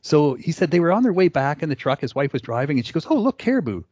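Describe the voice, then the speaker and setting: Storytelling man, slightly high voice, dull dry sound. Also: quick pace, darkish tone, dry recording. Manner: conversational, with frequent "uh" fillers and acted-out quotes. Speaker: presenter. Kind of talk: storytelling presentation.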